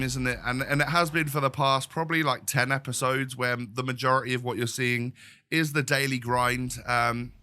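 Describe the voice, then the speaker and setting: A man's voice: medium pitch, bright, forceful tone. A young man hosting his gaming channel, chatting casually with lots of fillers while blocked up with a summer cold. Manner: chatty, rambling, many fillers. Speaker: gaming YouTuber. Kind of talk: casual video intro chat.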